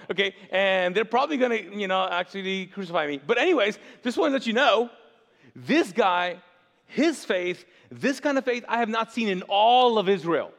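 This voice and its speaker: A man with a high voice preaches to a congregation, telling the story in an animated, joking way and acting out lines as he goes. His voice rings with a long hall reverb that fills the space around him. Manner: animated, jokey storytelling with quick put-on voices. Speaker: pastor. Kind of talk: sermon.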